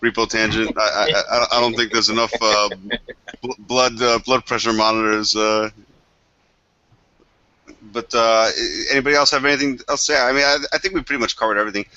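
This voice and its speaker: Casual male host, bright tense voice, dry dull recording. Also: mid-range voice, little pitch movement, a little fast, smooth, dry recording. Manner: laughing, hesitant, moderating. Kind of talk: casual chat.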